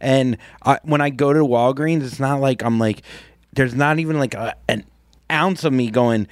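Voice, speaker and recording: A man's voice: medium pitch, normal speed, dry recording, studio quality. A young man co-hosting a podcast, talking in an earnest, rambling way with restarts and casual swearing. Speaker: podcast co-host.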